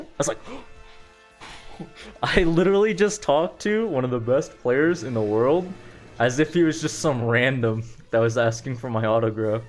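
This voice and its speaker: A man's voice: medium pitch, lively intonation, measured pace, faint music behind. A young man streaming, rambling casually through stories with lots of fillers and self-deprecating asides. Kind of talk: casual storytelling on a live stream.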